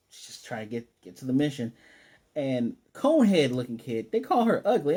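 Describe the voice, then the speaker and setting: A man casually recapping an anime episode, animated and playfully acting out the characters' lines. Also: medium pitch. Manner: animated, acts out characters' lines in quick voices. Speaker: anime reviewer.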